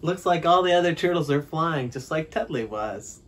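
Children's story reader: man, gentle, very expressive pitch. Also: normal speed. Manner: gentle, expressive, addressing young listeners. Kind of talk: children's story read-aloud.

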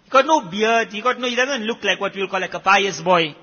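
A man from South Africa with a South African Indian English accent, telling stories in a sermon with emphatic swings between loud and soft. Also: sits high, animated, fast talker. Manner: emphatic, rising and dropping loudness. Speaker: preacher. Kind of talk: sermon storytelling. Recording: muffled recording with long hall echo.

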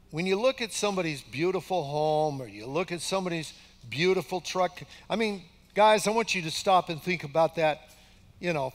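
An older pastor in his sixties preaches in a folksy, conversational way, leaning hard on repeated phrases for emphasis. His voice sits high for a man. The sound trails off in the long reverb of a large church hall. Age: 60s. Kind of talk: conversational sermon. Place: church sanctuary.

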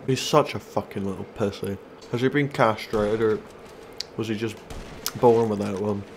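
A man's voice: fairly low pitch, steady tone, normal speed, slight background noise. A man giving casual, sweary gameplay commentary, taunting and mocking other players. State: stoned. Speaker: gaming YouTuber.

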